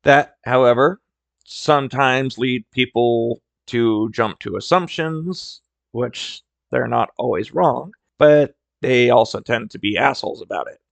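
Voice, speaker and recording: A man's voice: mid-range voice, a little slow, gravelly, no echo. A man hosting a solo podcast, telling workplace stories in a candid, blunt way with casual swearing. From rural area. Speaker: podcast host.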